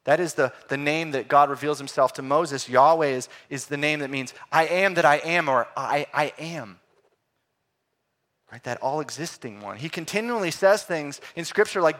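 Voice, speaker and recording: Animated male preacher, slightly high voice. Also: normal speed. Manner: animated, swings from loud to hushed. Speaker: pastor. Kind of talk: sermon.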